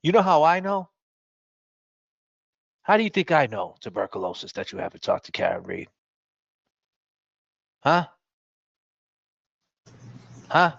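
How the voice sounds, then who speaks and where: A man's voice: a little high, huge pitch swings, unhurried, gravelly, long pauses, fairly bright tone, dry recording, lo-fi sound. A man hosting a podcast, ranting at critics in a combative, profane, mocking way. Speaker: podcast host. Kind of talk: ranting talk-show monologue.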